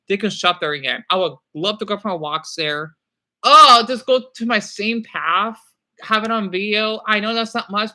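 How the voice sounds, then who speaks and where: His voice sits high, pushed and bright, as the young streamer rambles to his audience. The chat is apologetic and full of halts and fillers.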